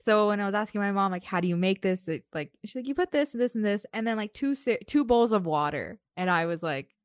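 A woman co-hosting a casual podcast chat, telling relaxed stories with plenty of "like". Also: mid-range voice, a little fast, clear, resonant tone, no echo, clean studio sound. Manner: relaxed storyteller, many fillers of "like". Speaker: podcast co-host.

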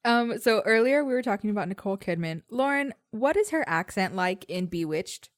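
A woman's voice: medium pitch, lively intonation, a little fast, no room sound, studio quality. A woman from Texas co-hosting a casual movie chat, blunt and full of opinions. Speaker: podcast co-host.

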